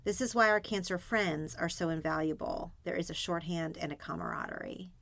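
Gravelly, empathetic woman host. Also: lowish voice, fairly quick, a bit bright, no room sound. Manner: supportive, empathetic interviewer. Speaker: podcast host. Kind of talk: interview conversation.

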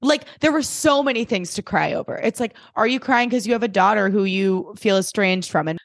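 A woman's voice: mid-range voice, fairly quick, creaky, no echo. Woman co-host, casual storyteller, emphatic and profane, dry close sound. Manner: chatty, emphatic, swears freely. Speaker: podcast co-host. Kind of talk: casual chat.

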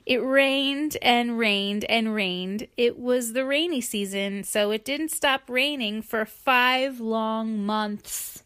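Brief: woman reading aloud to a child, slow, gentle, playful asides. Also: on the high side, smooth. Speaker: reader to a child. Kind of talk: reading a picture book aloud.

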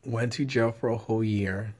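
A man's voice: lowish voice, steady tone, normal speed, a little mellow. A young man telling a rambling, profane story in casual chat.

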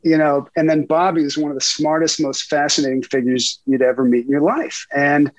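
A man's voice: fairly high pitch, level tone, brisk, no echo, rough recording. A middle-aged man and guest reporter telling profane anecdotes in a casual interview, laughing often.

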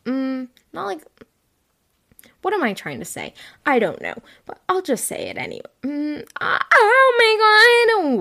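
A teenage girl talks through her own podcast in loose, rambling chat, filling her sentences with "like" and poking fun at herself. Her voice sits at an everyday middle pitch and carries a tired edge. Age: late teens. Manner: chatty, rambling, heavy use of "like"; frank and self-mocking. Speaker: podcast host. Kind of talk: casual solo podcast chat.

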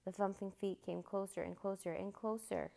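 A woman reading a children's storybook aloud in a steady, expressive narration. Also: medium pitch, normal speed, gravelly.

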